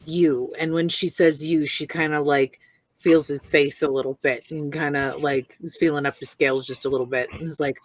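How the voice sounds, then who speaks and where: A woman's voice: sits low, steady tone, moderate pace, no room sound. A woman player at a tabletop game, casually describing her character's actions. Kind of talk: tabletop role-play.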